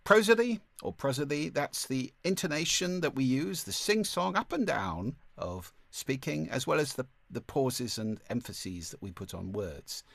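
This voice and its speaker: Gravelly-voiced male speaking coach. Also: mid-range voice, big pitch swings, dry recording. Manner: clear, deliberate delivery with demonstrations of voice techniques. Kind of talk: online masterclass lesson.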